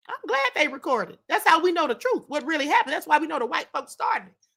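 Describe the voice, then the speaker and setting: High, lively, bright-voiced woman host. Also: a little fast, creaky. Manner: blunt, emphatic, repeats points for effect; addresses the chat directly. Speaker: livestream show host. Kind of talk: opinionated live-stream commentary.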